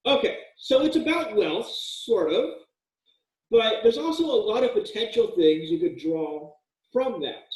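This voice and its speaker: A man with a high-sitting voice and big swings in pitch speaks a little slowly, with a slightly mellow tone. He's a college writing instructor giving a casual, joking lecture full of fillers and restarts. The room is echoey and the mic sits at a distance.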